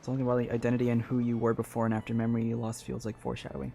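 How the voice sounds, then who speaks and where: A young woman streamer giving chatty, excitable commentary while she plays a game. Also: very deep voice, rapid-fire, vocal fry, slight background noise. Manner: chatty, excitable, laughs often. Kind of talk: gameplay commentary.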